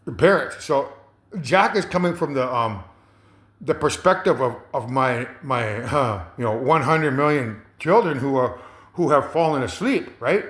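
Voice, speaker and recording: A man's voice: mid-range voice, lively intonation, a little slow, a bit bright. A man talking in a rambling monologue, hesitant, with many fillers, repeats and chuckles. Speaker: commentator. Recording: roomy echo.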